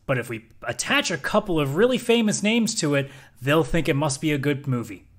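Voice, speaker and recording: A man's voice: a little high, animated, brisk. Emphatic man arguing on a podcast. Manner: emphatic, opinionated, argues points at length. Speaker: podcast co-host. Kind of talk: casual chat.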